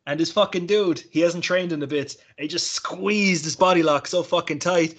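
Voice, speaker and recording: A man's voice: on the high side, a bit bright, husky. A young man hosting a podcast, chatting casually with lots of swearing and laughter. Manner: sweary, ranting, quick to laugh. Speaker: podcast host. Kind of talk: casual chat.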